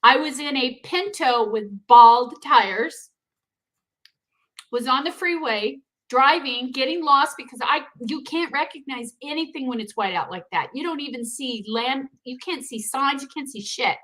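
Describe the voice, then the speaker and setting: A middle-aged woman co-hosting a business podcast, talking casually and telling animated stories. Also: sits high, measured pace, poor audio. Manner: animated storyteller, acts out voices and laughs. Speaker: podcast co-host. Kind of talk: casual chat.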